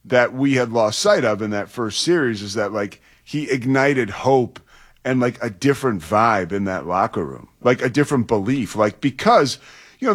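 A man co-hosting a sports radio show, talking in halting bursts with many restarts and chuckles. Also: medium pitch.

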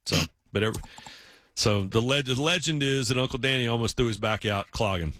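A man's voice: mid-range voice, fairly quick, fairly bright tone, no echo. Man chatting in a dry, close sound. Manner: storytelling, acts out quoted voices. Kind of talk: casual chat.

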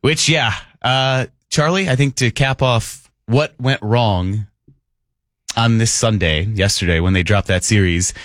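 A man's voice: fairly low pitch, a little slow, a bit bright, no echo. A man co-hosting a morning sports radio show from a studio, joking and reading listener texts aloud in an upbeat way. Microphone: studio microphone.

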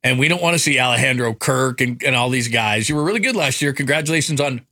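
A man co-hosting sports radio, wry and quick to laugh. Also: mid-range voice, animated, pushed and bright. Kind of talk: casual sports radio banter.

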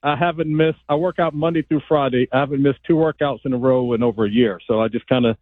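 Laid-back ex-player on a phone line. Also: male voice, medium pitch, quick pace, no room sound. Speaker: former pro football player, broadcast analyst. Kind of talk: casual phone-in interview.

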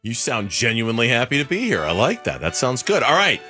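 Picture a man hosting sports talk radio with playful banter. His pitch swings widely as he speaks. The tone is bright and forward, with light music under it. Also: wildly swooping pitch, brisk. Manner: playful, runs the contest.

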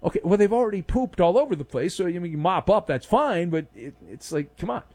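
Sarcastic sports talk host guy, high voice that swings all over, ranting emphatically. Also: expressive, brisk, a little mellow. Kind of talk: opinionated sports talk monologue.

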